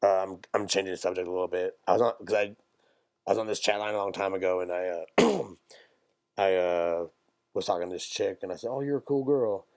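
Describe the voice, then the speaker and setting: A man's voice: deep voice, fairly even intonation, gravelly, no echo, studio quality. Rambling, profane young man. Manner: profane, rambling, jokey, quick bursts. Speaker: podcast co-host. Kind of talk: casual chat, storytelling.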